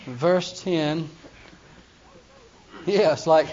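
A man's voice: on the high side, moderate pace. A man preaching a humorous sermon, telling the story playfully with chuckles, in a dull lo-fi recording.

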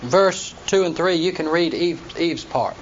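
A man's voice: on the high side, unhurried. A man teaching a Bible study class, explaining plainly and reading scripture aloud to his students. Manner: explains plainly, reads scripture aloud in King James wording. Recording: dull lo-fi recording with faint noise.

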